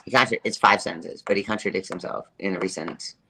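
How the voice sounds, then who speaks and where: A woman's voice: extremely low pitch, fast, a bit bright, husky. A middle-aged woman telling a personal story to her live chat, emphatic, repetitive and profane, laughing as she goes. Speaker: livestreamer.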